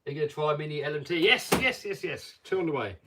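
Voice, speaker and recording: A man's voice: a little high, animated, fast talker, distant mic, background noise. A man hosting a casual live stream, chatting and reading viewer comments aloud.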